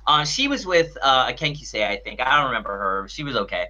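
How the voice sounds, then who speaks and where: A man's voice: mid-range voice, sing-song, quick pace, sharp tone, dull audio. A man co-hosting a podcast, telling a story in casual chat with lots of restarts and fillers. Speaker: podcast co-host.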